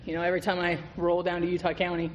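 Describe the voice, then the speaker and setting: A man's voice: high-pitched, completely flat delivery, very fast. A man giving a candid, profane recovery testimony as a guest speaker at a meeting, telling his story with laughs. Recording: reverberant hall with faint noise.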